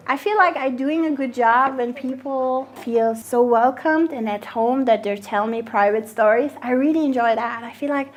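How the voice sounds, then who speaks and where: A woman's voice: on the high side, moderate pace, few pauses. A woman who grew up in Germany and owns a cafe, talking in a documentary interview and acting out quoted dialogue with frequent laughs. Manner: lively, acts out quoted dialogue, laughs often. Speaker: cafe owner.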